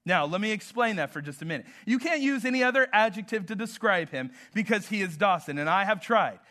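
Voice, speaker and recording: High, bright-voiced male preacher. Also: animated. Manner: storytelling, slow emphatic delivery with humor. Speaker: pastor. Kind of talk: sermon.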